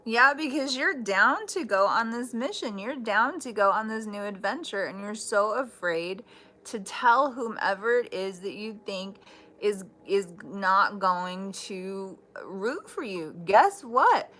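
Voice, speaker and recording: A woman does a casual live tarot reading, chatty and blunt, swearing freely and dissolving into laughter, often restarting sentences or letting thoughts trail off. Her medium-pitched voice is expressive and sharp, and she speaks slowly.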